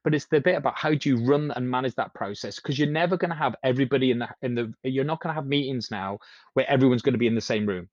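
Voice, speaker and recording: Talking fast in a medium-pitched voice, a podcast speaker rambles through casual conversation, frequently starting over and performing the lines he quotes. The sound is slightly muffled and lo-fi, without echo.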